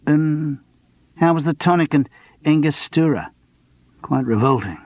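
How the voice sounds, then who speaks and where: A man doing a deadpan, spotty young barman. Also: a little high, a little slow, no room sound, voice pushed up. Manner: blunt, deadpan. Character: spotty young male barman, blunt and laconic.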